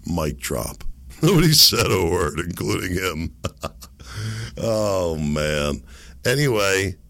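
A middle-aged man hosting a casual solo podcast from a home setup, rambling and laughing at his own jokes, his voice hoarse from being sick. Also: low-pitched, sing-song, slow pace, fairly bright tone, no room sound. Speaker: podcast host. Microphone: desk microphone.

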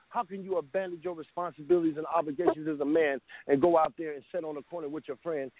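A man's voice: on the high side, lively intonation, fast talker, gravelly, few pauses. A middle-aged man calling in to a talk show, speaking with fervent, preacher-like emotion and sounding choked up. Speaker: caller. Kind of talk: impassioned call-in testimony. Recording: dry, tinny phone line.

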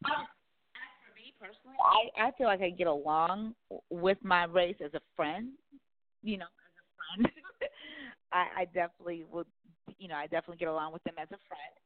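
A woman's voice: on the low side, lively intonation, moderate pace, pauses often, no room sound. A woman guest talking candidly and bluntly about dating, outgoing and outspoken, cursing freely. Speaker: guest on a talk show. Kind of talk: casual candid conversation. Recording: phone-like dry narrow sound.

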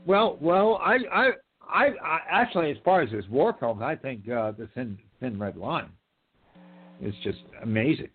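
A man's voice: mid-range voice, lively intonation, normal speed, breathy edge. Podcast host, male, emphatic and profane, stammery; tinny call audio. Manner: emphatic, swears, stammers on repeats. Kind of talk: casual chat. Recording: tinny phone-like line.

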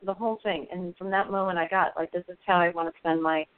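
A woman guest on a radio show, telling a personal story in an earnest, halting way with many fillers. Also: fairly low pitch, steady tone, clear, resonant tone, no room sound. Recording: thin phone line, dry.

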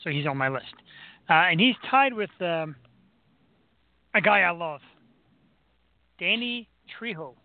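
Male co-host from Philadelphia, laid-back, high-pitched, dry thin phone-quality audio. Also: unhurried, pauses often, dry recording. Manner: relaxed, lots of "uh" and "um" fillers. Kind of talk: casual chat. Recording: tinny phone-like line, dry.

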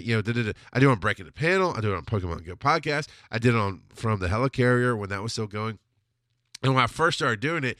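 Bright, dry-voiced male podcaster. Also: medium pitch, no echo. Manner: rambling, self-correcting, animated storyteller. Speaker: podcast host. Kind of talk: casual solo storytelling.

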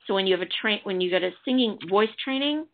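A woman's voice: mid-range voice, animated, fast talker. A woman from the Chicago area chatting casually as a TV review panelist, rambling with frequent restarts. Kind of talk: casual chat. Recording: tinny phone-like line.

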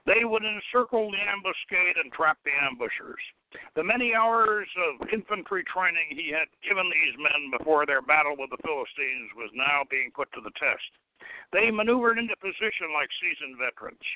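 A man hosting a radio show, narrating a story in a measured, expressive way. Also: a little high, dry recording. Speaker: radio host reading a story. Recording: dry, tinny phone-like radio sound.

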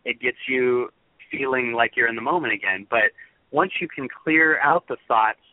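A man's voice: mid-range voice, normal speed, dry recording. A man guest on a phone-in radio interview, talking earnestly and at length about meditation and love. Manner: earnest, rambling spiritual talk. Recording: tinny phone line.

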